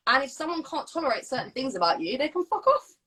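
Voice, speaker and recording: Young woman coach, slightly high, frank and sweary, fast talker. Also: big pitch swings, bright, forceful tone. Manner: blunt, frank, swears freely, laughs often. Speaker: fitness coach, live-stream host. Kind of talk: casual chat. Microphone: phone, live stream.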